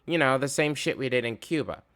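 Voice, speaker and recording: A man's voice: mid-range voice, a little fast, a bit bright. Profane ranting man. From United States. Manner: profane, rambling, fired up. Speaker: commentator reacting to a video. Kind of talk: casual ranting commentary.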